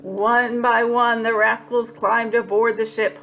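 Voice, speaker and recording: High-voiced woman storyteller, lively read-aloud, faint music beneath. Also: takes it slowly, hardly any pauses. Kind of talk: scripted children's story narration.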